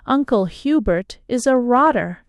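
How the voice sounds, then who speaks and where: A woman's voice: fairly high pitch, animated, measured pace, no room sound, studio quality. A woman voicing a bashful, earnest young Englishman who stammers when flustered.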